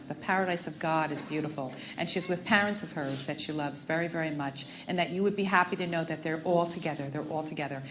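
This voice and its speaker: A woman's voice: lowish voice, fairly bright tone. A woman working as a stage medium, addressing audience members one by one and calling them sweetheart and honey. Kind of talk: live audience reading.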